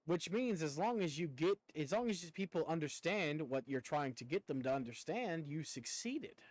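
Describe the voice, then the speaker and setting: A man's voice: on the high side, lively intonation, moderate pace, a little mellow, no echo, low-quality recording. Chatty young man with a country twang. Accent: rural American Southern twang. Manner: rambling, talkative, casual swearing. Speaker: streamer. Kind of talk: casual chat with viewers while gaming.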